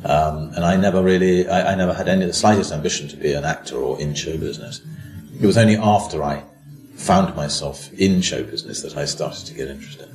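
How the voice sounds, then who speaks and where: A man's voice: low voice, a little fast, a little mellow, reverberant, soft background music. An older man from Britain, an actor being interviewed, speaking in a hesitant, self-deprecating way with many restarts. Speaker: actor guest. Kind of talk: relaxed interview chat.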